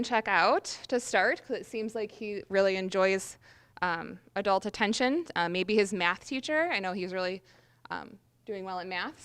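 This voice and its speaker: A woman teacher presenting her group's plan to a workshop, earnest with frequent pauses. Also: medium pitch, a bit bright, smooth.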